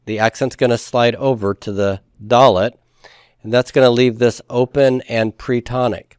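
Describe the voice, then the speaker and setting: A man teaching a grammar lesson at an average pitch, recorded close and dry with no room sound. He explains step by step with patience and keeps having the class repeat forms back to him. He drops in folksy comparisons along the way. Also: fairly even intonation, normal speed, smooth, dry recording. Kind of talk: classroom lecture.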